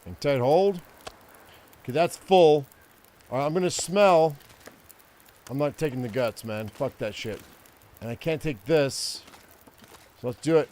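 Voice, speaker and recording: A man's voice: fairly high pitch, a little slow, pauses often, darkish tone. Profane, rambling older man gaming. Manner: profane, ranting, rambling with many restarts. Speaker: gaming streamer. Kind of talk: casual gameplay commentary.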